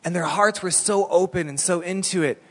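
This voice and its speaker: A fairly high-voiced man preaches in an animated, storytelling way, full of casual "like"s. His voice carries with a long reverb through a large church hall. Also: normal speed. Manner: animated storytelling, colloquial with many "like"s. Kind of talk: sermon.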